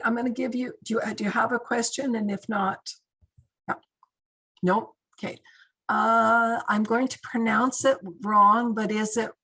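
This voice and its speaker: A woman's voice: mid-range voice, slightly rough, low-quality recording. A middle-aged woman, a guest speaker in crisis intervention, telling stories conversationally in a training session over a video call. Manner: warm, conversational, with many fillers. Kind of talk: training talk with storytelling.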